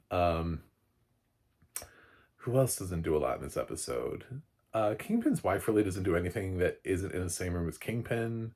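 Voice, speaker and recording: A male film critic talks through a TV episode in a loose, off-the-cuff way. His voice sits very low and has a breathy, husky texture. He fills gaps with ums and uhs and breaks into chuckling asides. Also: lively intonation, moderate pace, pauses often, darkish tone. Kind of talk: casual spoken episode recap.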